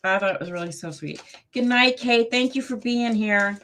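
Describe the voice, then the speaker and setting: A woman's voice: on the high side, normal speed, a bit bright. A woman hosting a live tarot reading show, chatty and friendly as she reads cards aloud. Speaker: host.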